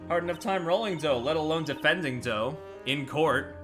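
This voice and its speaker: A man's voice: a little high, normal speed. A man streaming a fan dub who jokes around and corrects his own lines. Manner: joking, self-correcting. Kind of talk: casual dubbing stream. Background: game music.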